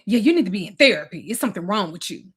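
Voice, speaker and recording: A woman's voice: mid-range voice, big pitch swings, very fast, slightly rough. A woman doing a resentful accusing older man. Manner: loud, accusing, snappy.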